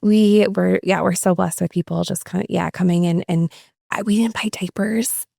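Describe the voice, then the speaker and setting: Adoptive mother, guest. Gravelly, fry-laden voice, dry room. Effusive, repeats herself. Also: lowish voice, fairly even intonation, moderate pace, no room sound. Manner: warm, effusive, repeats words. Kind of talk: casual interview over video call.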